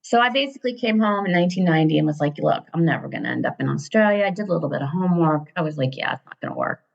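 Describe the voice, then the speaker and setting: Fifties American woman, interview guest; low, husky-fried timbre; lively rambling anecdotes; lo-fi recording. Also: racing. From Ohio, USA. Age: 50s. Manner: animated, digressive storyteller who laughs often. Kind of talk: casual storytelling interview. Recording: dull lo-fi sound.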